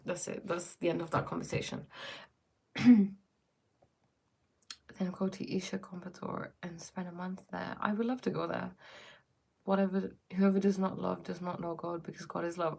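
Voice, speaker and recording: A woman's voice: fairly low pitch, normal speed, vocal fry, a bit bright, husky. A woman hosting a casual livestream, musing reflectively and answering viewers' comments, often breaking off mid-sentence. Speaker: livestream host.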